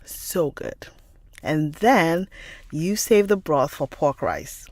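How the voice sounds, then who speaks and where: A woman's voice: deep voice, lively intonation, takes it slowly, darkish tone, no room sound. A woman hosting a book channel, telling a long rambling story in casual chat, laughing often.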